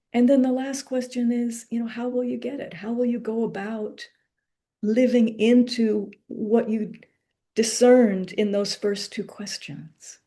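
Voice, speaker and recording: Woman lecturer, reflective spiritual talk, unhurried delivery, warm dark tone, meditative pauses. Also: fairly high pitch, husky. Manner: slow, meditative, with pauses and soft asides. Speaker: lecturer and author.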